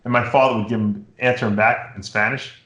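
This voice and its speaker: A middle-aged man from New York hosting a show, chatting casually and telling rambling, animated stories. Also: medium pitch, a little fast, echoey room. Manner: rambling, animated storytelling with impressions. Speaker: podcast host. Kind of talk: casual chat.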